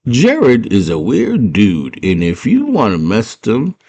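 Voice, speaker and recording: A man's voice: fairly low pitch, huge pitch swings, a little slow, a little mellow, no echo, pitched above the performer's own voice, exaggerated voice. A man voicing a timid, cowardly male dwarf creature, whiny and panicky. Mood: warning.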